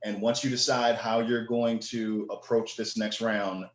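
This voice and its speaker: A man running a tabletop game as game master, explaining the rules at an unhurried pace with many fillers. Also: lowish voice, little pitch movement, reverberant.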